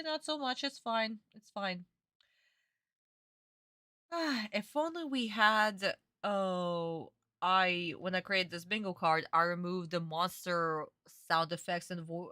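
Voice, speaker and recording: A woman's voice: fairly low pitch, slow pace, pushed and bright, no echo, clean studio sound. A young woman ranting in a casual live-stream reaction, exasperated and swearing freely.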